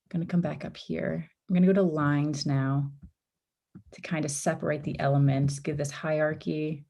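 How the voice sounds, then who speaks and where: A woman runs a live design tutorial over a video call, talking step by step in an easygoing way. Her voice sits low and mellow, a little worn because she is losing it. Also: little pitch movement, normal speed, creaky, lo-fi sound. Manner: casual, step-by-step, with frequent ums and oopses. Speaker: workshop instructor.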